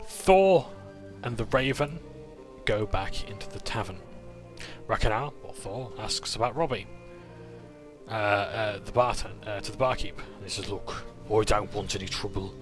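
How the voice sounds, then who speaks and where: A man's voice: on the low side, lively intonation, unhurried, over music. A man casually recapping a tabletop game session, with frequent "uh"s and self-corrections as he narrates.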